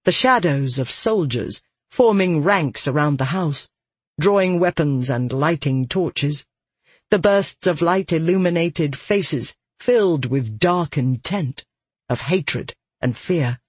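A narrator reading a fantasy audiobook in a steady, measured way. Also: mid-range voice, slightly rough, dry recording.

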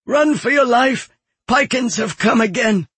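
A man voicing a frantic injured man who shouts in panic while fleeing raiders. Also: sits high, takes it slowly, breathy edge, no echo, pitched above the performer's own voice, full character voice. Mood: panicked.

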